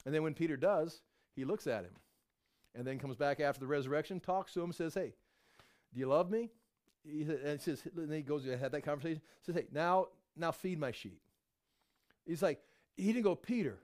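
A middle-aged man preaching a sermon, telling Bible stories with lively acted-out voices. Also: fairly high pitch, moderate pace. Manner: animated storytelling, acts out voices of biblical figures. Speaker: pastor.

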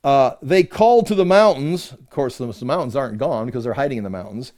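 A man's voice: mid-range voice, animated, fast, darkish tone. A man teaching a conversational Bible-study sermon, reading verses aloud with emphasis and explaining them with rhetorical questions.

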